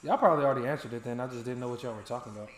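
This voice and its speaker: A man's voice: mid-range voice, very fast. A young American man chatting casually and jokingly with viewers on a live stream, swearing freely as he goes. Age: young adult. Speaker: stream co-host. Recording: roomy echo.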